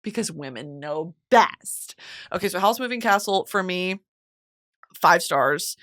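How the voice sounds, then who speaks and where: A young woman hosting a casual chat show, animated and expressive, swearing freely. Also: lowish voice, unhurried. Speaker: podcast host.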